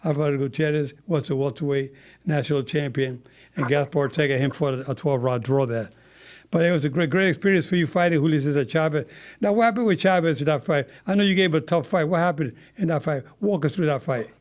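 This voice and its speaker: A man's voice: a little high, quick pace. A man hosting an interview, asking his guest plain, direct questions. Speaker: interview host.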